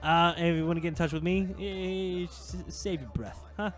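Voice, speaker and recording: A man's voice: on the high side, normal speed, faint music behind. A man co-hosting a wrestling podcast, chatting casually in a rambling, jokey way with lots of filler. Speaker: podcast co-host. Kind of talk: casual chat.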